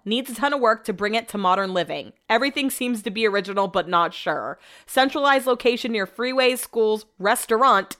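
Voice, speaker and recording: A woman's voice: medium pitch, lively intonation, fairly bright tone. Chatty woman rambling on her podcast. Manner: chatty, rambling, quick to laugh. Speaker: podcast host. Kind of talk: casual solo chat.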